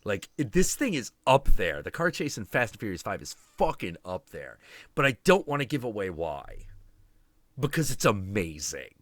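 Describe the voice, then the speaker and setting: A man with a bright, forward voice chats casually on a stream, swearing freely and laughing as he tells his story. The sound is close and dry, with no room around it. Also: fairly low pitch, moderate pace, no room sound. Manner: animated, profane, laughing storyteller. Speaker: stream host. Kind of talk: casual chat.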